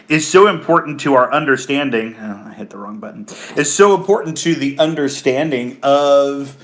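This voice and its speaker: A man's voice: medium pitch, unhurried, few pauses. A middle-aged man with an ordinary mid-range voice co-hosts a morning devotional. He talks earnestly and casually, often restarting his phrases. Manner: earnest, talks about faith with many small restarts. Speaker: devotional co-host.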